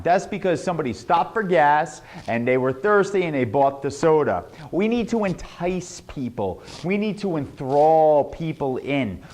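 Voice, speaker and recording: A young adult man teaching a sales lesson, animated and demonstrating tones with his own voice. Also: a little high. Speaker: sales trainer.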